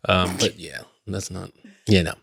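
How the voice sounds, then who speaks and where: A man's voice: low-pitched, unhurried, vocal fry, a bit bright, slightly rough. A man co-hosting a podcast, telling stories in a loose, laughing way with frequent restarts. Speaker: podcast co-host. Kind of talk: casual chat.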